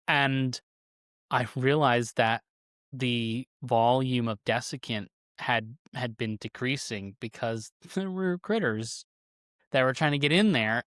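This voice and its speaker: A man's voice: mid-range voice, fairly bright tone, no echo, clean studio sound. A man co-hosting a podcast, telling loose stories from archives work with casual swearing and laughter.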